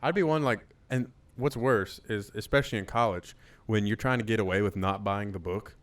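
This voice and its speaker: A young man co-hosting a podcast in relaxed casual chat, laughing along and asking questions. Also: fairly low pitch, brisk. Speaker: podcast co-host.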